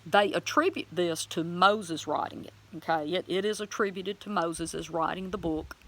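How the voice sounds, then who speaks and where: A woman telling a personal faith testimony in a plain-spoken, folksy way, animated and emotional as she acts out her own words. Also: lowish voice, moderate pace. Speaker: Christian vlogger sharing a testimony.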